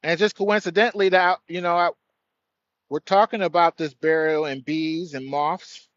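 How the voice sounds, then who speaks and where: A man's voice: a little high, fairly even intonation, normal speed, fairly bright tone, muffled recording. A man hosting an outdoor spiritual livestream, speaking earnestly and greeting viewers by name. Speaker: livestream host. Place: outdoors by a tree.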